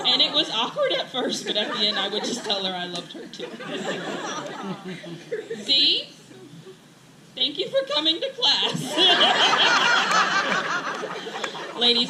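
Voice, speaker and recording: Female teacher, graduation speech, giggly and teary, noisy echoey outdoor sound. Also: medium pitch. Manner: emotional, laughing often, playful teasing. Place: outdoor ceremony with crowd.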